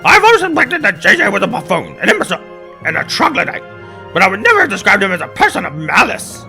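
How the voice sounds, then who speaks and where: A man doing a loud pompous rooster lawyer. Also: high-pitched, huge pitch swings, fast, creaky, soft background music, voice pushed up, full character voice. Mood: haughty. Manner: loud, haughty, indignant. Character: pompous high-strung male rooster lawyer.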